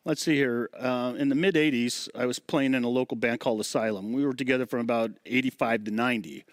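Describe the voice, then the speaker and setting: A middle-aged man telling stories in a casual interview, lively and fond of acting out the voices of people in his stories. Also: mid-range voice, fast, no echo. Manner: animated storyteller acting out quoted voices. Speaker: guest, former drum tech.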